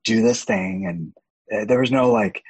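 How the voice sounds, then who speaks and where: A young man speaks as a podcast guest in a very husky, gravelly voice. His pitch moves in a lively way as he talks openly, and he laughs often. The sound is close and dry. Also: unhurried, dry recording, low-quality recording. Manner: open and animated, laughs often. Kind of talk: candid casual chat.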